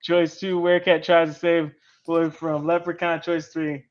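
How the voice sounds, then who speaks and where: This show host and comic writer has a fairly high, level voice and talks at an ordinary pace; the audio is dull. Hosting a relaxed panel on comic writing, he chats easily, lays things out one step at a time, and keeps ending points with "right?"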